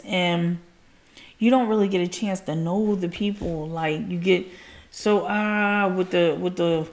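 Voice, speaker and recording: A woman's voice: medium pitch, darkish tone. Casual, cursing woman livestream host. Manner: casual, frequent swearing and filler "like"; effusive thanks to viewers.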